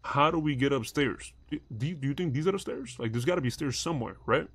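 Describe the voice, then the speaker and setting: A young man streaming a heist roleplay, rambling and swearing as he thinks the plan out loud. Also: on the high side, lively intonation, fast talker, husky. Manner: rambling, profane, thinks aloud while planning. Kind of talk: casual gaming chat.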